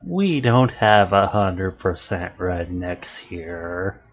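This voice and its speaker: A Canadian man talks slowly and loosely over a dull, lo-fi line. He explains things at an easy pace, often restarting his sentences. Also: deep voice. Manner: relaxed, explanatory, trails into restarts. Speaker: guest. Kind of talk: casual chat. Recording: dull lo-fi audio.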